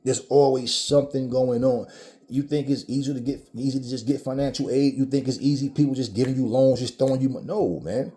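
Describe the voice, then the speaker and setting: Caribbean-born man, mid-pitched, mellow and dark tone, emphatic profane ranting vlog commentary. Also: fast, hardly any pauses. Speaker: vlogger.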